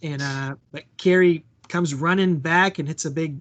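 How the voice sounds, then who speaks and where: A man with a somewhat higher voice co-hosting a casual podcast. He recaps a wrestling match in a relaxed, joking way and chuckles often as he talks. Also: moderate pace, highs cut off. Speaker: podcast co-host.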